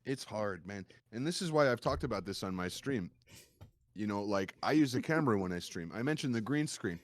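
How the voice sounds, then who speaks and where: Give me a deep-voiced man talking earnestly as a podcast guest, recorded dry and close. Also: lively intonation, a little fast, no room sound. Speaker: guest streamer. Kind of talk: casual chat.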